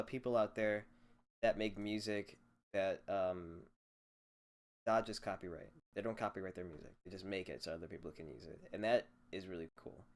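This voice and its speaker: A young man rants alone into a desk microphone, swearing freely and wandering from point to point. His voice sits a little low, and his sarcasm runs through the whole monologue. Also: a little mellow. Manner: profane, rambling, sarcastic. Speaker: podcast host. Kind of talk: solo rant podcast.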